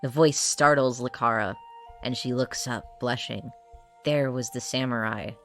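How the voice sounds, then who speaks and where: A man playing an exasperated male warrior who reads a cheesy romance aloud and keeps protesting loudly. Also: medium pitch, measured pace, soft background music. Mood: reading. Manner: grumbling, loud protesting outbursts. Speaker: player character. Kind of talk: in-character dramatized reading in a tabletop game.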